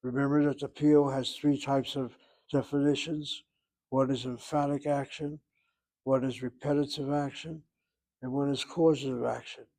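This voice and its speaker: A man's voice: medium pitch, darkish tone. Man teaching a Hebrew grammar lesson. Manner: thinks aloud, pauses to search for terms. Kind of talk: classroom lecture.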